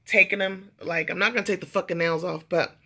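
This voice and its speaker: Bright-voiced woman ranting in a vlog. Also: on the low side, a little fast. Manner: animated storytelling, acts out quotes; swears freely. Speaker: vlogger.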